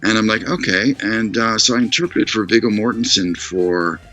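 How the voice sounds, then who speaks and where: A man chatting casually on a video call, telling stories in an animated way and acting out other people's voices. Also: fairly low pitch, normal speed. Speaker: guest storyteller. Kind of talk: casual chat on a live stream. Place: living in Tokyo.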